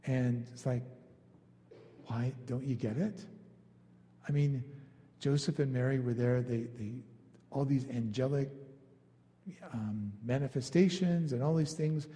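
A man's voice: medium pitch, measured pace, dark tone, long reverb tail. A man preaching a sermon in a casual, conversational way, now and then acting out the people he quotes. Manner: conversational, acts out quoted lines. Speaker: pastor.

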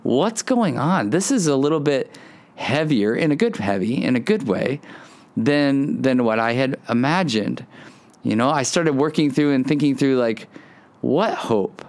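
A man preaching a conversational sermon, telling a family story and talking straight to his listeners with earnest, casual phrasing that jumps into sudden high, excited bursts. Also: a little slow. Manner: casual fillers and restarts, addresses listeners directly. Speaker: pastor.

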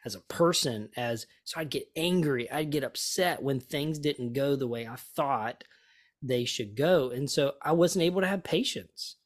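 A man, a pastor and author, telling stories as a guest in an interview, lively and often repeating words as he thinks. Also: medium pitch, unhurried. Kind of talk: conversational storytelling.

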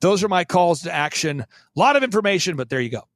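A man's voice: sits high, big pitch swings, fast, no room sound. A man speaking bluntly and emphatically as an interview guest, in a fervent, preaching manner.

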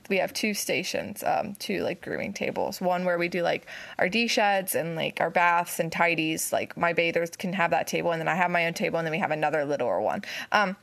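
A young woman from West Virginia, a dog groomer, telling a story in casual chat and acting out quotes with big jumps in pitch. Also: gravelly, fairly bright tone.

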